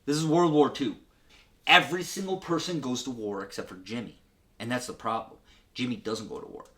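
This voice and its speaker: A man's voice: mid-range voice, a little fast. A man giving a crude, profane comedic recap of an old film, acting out the characters' lines. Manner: crude, animated retelling with acted-out quotes. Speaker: guest comedian.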